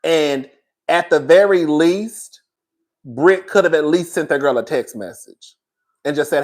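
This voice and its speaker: A reality TV commentator with a slightly high, somewhat slow voice gives a casual, opinionated review of a reality show. He's sassy and blunt, swears freely, and calls his viewers "girl" and "baby."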